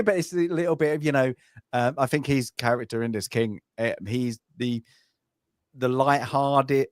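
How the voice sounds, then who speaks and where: On a dry, clean studio recording, a British man with a mid-range voice co-hosts a podcast. He rambles casually about a film, with many fillers and restarts.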